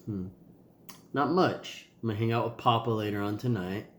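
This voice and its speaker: A man's voice: on the low side, a little fast, echoey room, slight background noise. A man with a nasal voice, a tired and sore father talking casually to his kids in a rambling video diary. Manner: rambling, loose, with many ums and sighs.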